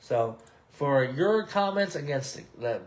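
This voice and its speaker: A man's voice: medium pitch, expressive, takes it slowly. A man in his thirties hosting a podcast from his apartment, ranting in a heated, rambling way with lots of swearing and restarts. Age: 30s. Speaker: podcast host. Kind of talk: casual opinion rant.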